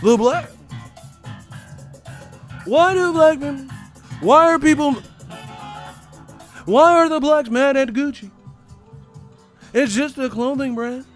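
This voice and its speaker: A man's voice: slow, long pauses, faint music behind. A man voicing a mocking male troll commenter in an exaggerated, sneering tone. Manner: sneering, exaggerated high-pitched mockery.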